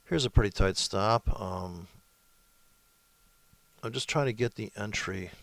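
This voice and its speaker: Guy with a low rough voice doing a loose trading how-to, snarky rambling. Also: a little slow, fairly bright tone, no echo. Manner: rambling, sarcastic, crude asides. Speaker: forex trading presenter. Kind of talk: casual screen-share tutorial with mocking commentary.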